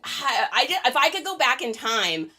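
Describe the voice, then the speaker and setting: A woman's voice: sits high, very animated, moderate pace, pushed and bright. A woman chatting casually on a live stream while packing orders, talkative and often laughing between rambling asides. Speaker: reseller hosting a live stream.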